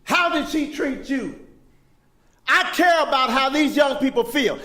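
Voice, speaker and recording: A man's voice: extremely high pitch, lively intonation, unhurried, sharp tone. An older man giving an impassioned, preacher-like speech to an audience. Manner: preacher-like call and response. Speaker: keynote speaker. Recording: echoey hall.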